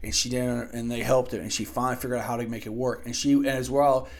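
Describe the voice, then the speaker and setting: A man's voice: mid-range voice, flat delivery, fast talker. A man giving a casual spoken film review into a desk microphone, rambling and profane, with frequent restarts. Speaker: movie reviewer.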